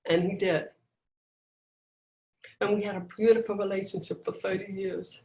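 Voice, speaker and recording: A middle-aged woman giving a personal motivational talk, emphatic and dramatic, with deliberate pauses, over a video call. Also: medium pitch, flat delivery, a little mellow. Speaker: motivational speaker. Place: indoors, at home on a video call. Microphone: video call microphone. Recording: roomy echo.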